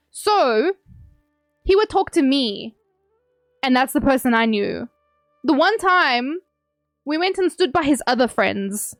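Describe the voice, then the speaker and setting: A woman's voice: a little high, dry recording, clean studio sound. A young woman livestreaming, chatting casually with viewers, reading messages aloud and laughing often. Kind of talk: casual chat with stream viewers.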